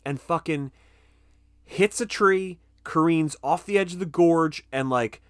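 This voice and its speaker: A man's voice: measured pace, smooth, no room sound, clean studio sound. A man co-hosting a podcast, recapping a film in casual chat, swearing freely and acting out characters. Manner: animated, swears freely, acts out characters in a high squeaky voice. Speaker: podcast co-host.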